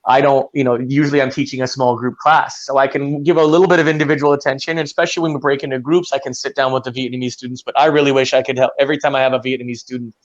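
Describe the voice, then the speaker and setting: A male English teacher talks in a loose, easygoing way, full of "you know" and "man". His voice sits at an ordinary pitch for a man. The recording sounds dull and lo-fi. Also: racing, hardly any pauses. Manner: relaxed and chatty, with lots of "you know" and "man". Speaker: English pronunciation teacher, guest. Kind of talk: casual interview chat.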